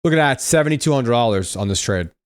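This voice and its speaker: A man's voice: mid-range voice, lively intonation, fast. A young man hosting a live trading stream, explaining setups and reading chat in a laid-back, slangy way. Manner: laid-back, slangy, says bro and dude. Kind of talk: casual live-stream teaching.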